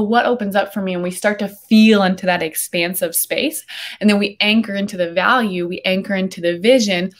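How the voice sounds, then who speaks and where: A woman hosting a coaching call on a video call, enthusiastic and affirming. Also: mid-range voice. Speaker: host. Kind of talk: coaching talk on a live call.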